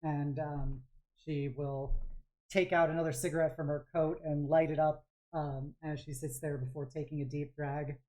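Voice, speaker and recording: A woman's voice: sits low, little pitch movement, normal speed, warm tone. A woman game master narrating a tabletop game, describing scenes in a rambling way full of fillers.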